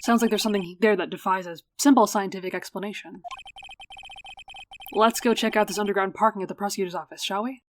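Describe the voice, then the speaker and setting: A woman's voice: medium pitch, steady tone, fast, slight background noise, close to an everyday voice. A woman voicing an earnest young male defense attorney in a wry, level tone. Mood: dry.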